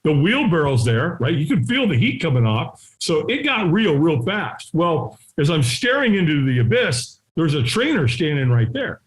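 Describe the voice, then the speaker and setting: Man, fairly high voice, very lively intonation, interview guest, acts out quoted voices, home video call. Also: moderate pace, few pauses. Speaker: guest, firewalking instructor. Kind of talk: animated storytelling in an interview. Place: his home.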